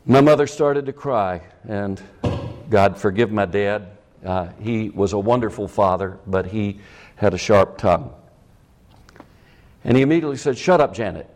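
A man's voice: on the low side, measured pace, long pauses, darkish tone. A middle-aged man preaching a sermon as pastor, with emphatic rising peaks.

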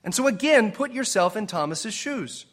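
Bright-voiced male pastor preaching a sermon. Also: sits high. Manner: animated, emphatic, with dramatic quoted lines and pauses; jokes with the congregation.

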